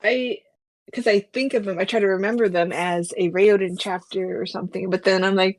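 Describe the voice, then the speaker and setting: A woman's voice: medium pitch, steady tone, a little fast, no room sound. A woman co-hosting a podcast in casual chat, teasing and laughing often. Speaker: podcast co-host.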